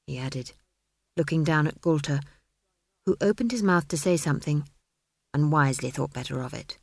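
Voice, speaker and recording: A woman narrating an audiobook, measured and dry in her storytelling. Her voice sits lowish, and the recording is close and dead, with no room sound. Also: creaky, no echo.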